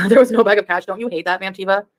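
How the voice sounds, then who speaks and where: Fast-talking chatty woman streamer. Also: mid-range voice. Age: 30s. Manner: chatty, rambling, laughs often. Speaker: YouTube reaction streamer. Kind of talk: casual livestream chat.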